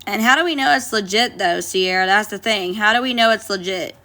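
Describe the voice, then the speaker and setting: Bright, blunt woman on a phone livestream. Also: medium pitch, a little fast. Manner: blunt, profane, reads viewer comments aloud and talks back. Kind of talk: casual livestream chat.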